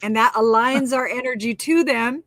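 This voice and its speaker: A fairly high-voiced woman talking in a close, dry sound. She co-hosts a casual spiritual chat, animated and emphatic, laughing often and leaning on repeated phrases and rhetorical questions. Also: moderate pace, no echo. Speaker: co-host.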